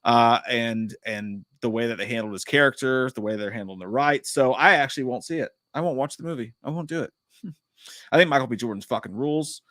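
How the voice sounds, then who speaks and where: A man's voice: mid-range voice, brisk, a bit bright, dry recording, studio quality. Profane rambling male live-stream host. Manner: reads viewer chat aloud. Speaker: podcast host. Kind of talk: casual live-stream chat.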